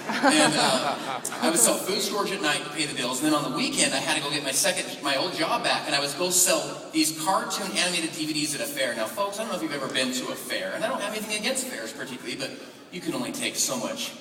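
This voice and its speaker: A man's voice: medium pitch, sharp tone, a little hiss or hum. A man in his twenties giving a motivational talk at a convention, telling stories animatedly and acting out phone calls. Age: 20s. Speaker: convention speaker. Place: large convention hall. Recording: echoey hall recording from far off.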